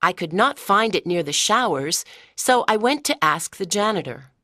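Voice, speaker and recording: A woman reading a story aloud slowly and clearly for English learners. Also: lowish voice, animated, bright, forceful tone, dry recording, clean studio sound. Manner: clear, careful delivery. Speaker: story narrator.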